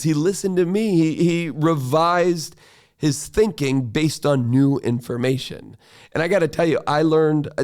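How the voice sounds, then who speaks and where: A male teacher telling a classroom story in a reflective, conversational monologue, acting out quoted dialogue and asking "right?" often. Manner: animated, acts out quoted dialogue with rising pitch. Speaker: teacher and podcast host.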